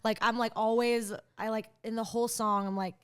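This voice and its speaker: A young woman, a country singer, talking as a podcast guest in an animated, chatty way, full of fillers as she tells a story. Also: fairly high pitch, fairly quick, clean tone. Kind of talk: casual interview chat.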